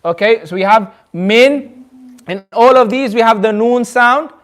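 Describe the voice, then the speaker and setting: High-voiced man teaching recitation. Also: a bit bright. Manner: patient, repetitive, draws out recited words slowly. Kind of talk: tajweed lesson with call-and-response recitation. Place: community centre classroom.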